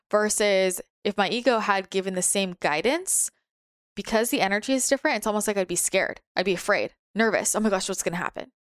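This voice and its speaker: A woman teaching a spiritual practice in a gentle, soothing way, now and then acting out her inner voices. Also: clear, resonant tone, no echo, clean studio sound. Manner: gentle, soothing, occasionally voices her ego in a higher pitch. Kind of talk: guided spiritual talk.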